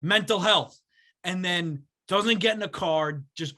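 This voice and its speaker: A man's voice: sits high, measured pace, sharp tone. A young man co-hosting a podcast, telling a story in casual chat and acting out the voices of the people in it. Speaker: podcast co-host.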